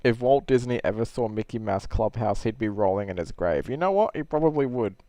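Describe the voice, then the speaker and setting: With a dry recording, a low-leaning male voice hosts a relaxed livestream Q&A alongside a friend. He's quick, animated, and laughs easily throughout the casual conversation.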